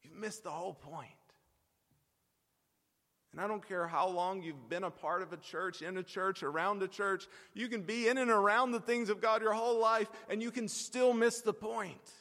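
A man preaching a sermon as a pastor, earnest and emphatic, with drawn-out pauses for weight. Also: high-pitched, steady tone, a bit bright. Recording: long hall reverb.

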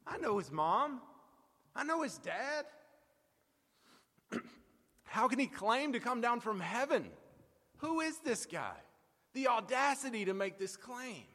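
A man voicing a skeptical, grumbling townsman who scoffs in disbelief, quieter than his own preaching voice and heard in a reverberant hall. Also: extremely high pitch, big pitch swings, slow, long pauses, exaggerated voice. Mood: scoffing. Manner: scoffing, incredulous.

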